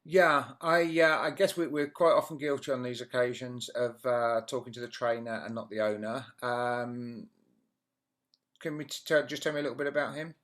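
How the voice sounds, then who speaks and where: Mid-pitched male interviewer, chatty, leans on tag questions. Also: fairly even intonation, moderate pace, fairly bright tone. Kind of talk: casual interview.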